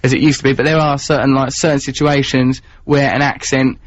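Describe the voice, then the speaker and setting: A man's voice: medium pitch, level tone, fairly quick, dry recording. A man with an Essex accent hosting a radio show, chatting in a florid, wordy, teasing way. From England, Essex. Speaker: radio host. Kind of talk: playful radio chat. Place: radio studio. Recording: dull, dry radio studio sound.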